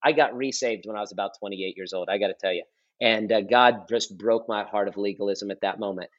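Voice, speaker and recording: A man in his thirties, a pastor, telling his testimony in a relaxed podcast conversation, earnest and repetitive for emphasis. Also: on the low side, fairly quick. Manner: earnest storytelling, repeats and restarts phrases for emphasis. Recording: slightly dull lo-fi audio.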